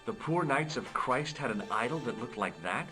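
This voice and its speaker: An actor playing a curious, wisecracking amateur investigator who asks questions in a wry, quick way in a video game. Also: male voice, medium pitch, lively intonation, over music, lightly acted.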